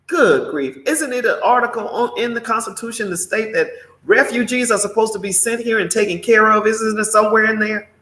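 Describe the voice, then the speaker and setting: A man's voice: sits high, a little fast, sharp tone. A man hosting a live morning show, giving outspoken commentary and answering viewer comments in an exclamatory way. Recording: roomy echo.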